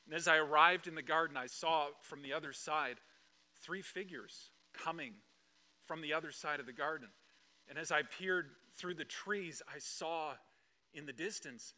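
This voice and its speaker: A man performing an emotional first-person dramatic monologue, swinging between hushed lines and loud outbursts. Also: high-pitched. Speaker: dramatic storyteller.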